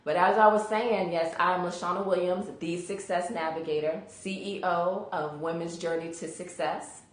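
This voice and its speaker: A woman's voice: fairly low pitch, fairly even intonation, moderate pace, roomy sound. A woman career coach hosting a casual live stream, chatty and greeting viewers by name, sleepy from allergies.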